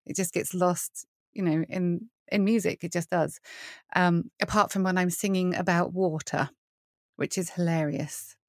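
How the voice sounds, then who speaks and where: A middle-aged worship leader from the United Kingdom guests on a podcast in a conversational interview. Her voice is lowish and measured, recorded dry with clean studio sound. She tells stories animatedly, laughs often and acts out the voices of people she quotes.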